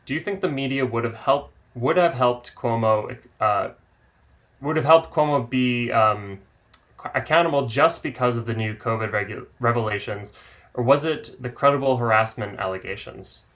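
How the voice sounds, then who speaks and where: This is a man co-hosting a political talk show, speaking at a middle pitch. He is relaxed and loose as he reads out listener questions and steers the chat. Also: moderate pace. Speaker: co-host. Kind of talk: casual political discussion.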